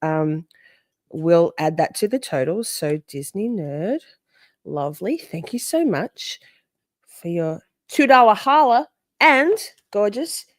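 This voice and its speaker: A woman hosting a live stream, chatty and excitable, often exclaiming as she reacts. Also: medium pitch, takes it slowly, no echo, studio quality. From Australia. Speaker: livestream host. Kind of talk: casual live-stream chat.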